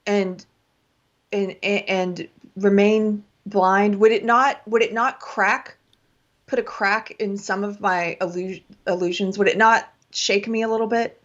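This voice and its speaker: A woman's voice: medium pitch, slow. Impassioned woman co-host, lo-fi sound. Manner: impassioned, pleading, stammers and repeats words. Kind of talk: political talk show chat. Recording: dull lo-fi audio.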